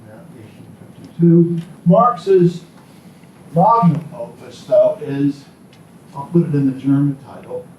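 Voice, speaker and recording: A man's voice: on the high side, animated, measured pace, highs cut off, a little hiss or hum. Lecturing man, far off in an echoey room. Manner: rambling, with many ums and asides. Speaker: political science lecturer. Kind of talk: classroom lecture. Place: classroom.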